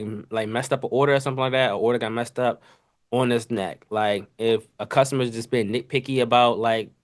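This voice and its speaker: Slangy, animated man telling work stories. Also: mid-range voice, smooth. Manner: animated, slangy, acts out kitchen sounds and voices. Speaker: podcast host. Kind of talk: casual storytelling monologue.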